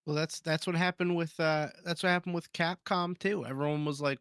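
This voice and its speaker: A man on a podcast, talking in a casual, sarcastic way and laughing often. His voice sits a little high for a man, and the mic is close and dry with no room echo. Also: fairly even intonation, fairly bright tone, clean tone. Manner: laughing, sarcastic, quick to agree. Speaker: podcast co-host.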